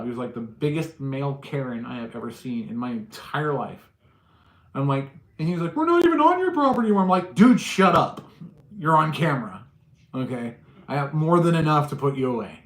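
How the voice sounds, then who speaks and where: A man's voice: mid-range voice, roomy sound. A man hosting a casual livestream, telling stories and acting out what people said. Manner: animated storyteller, acts out quotes. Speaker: livestream host.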